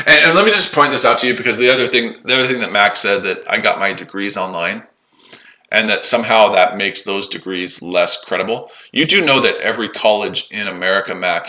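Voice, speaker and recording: Combative trading streamer, lowish forceful voice, mocking and sweary toward chat. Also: male voice, brisk, low-quality recording. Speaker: day-trading livestream host. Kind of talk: live-stream chat answering viewers. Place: his shed.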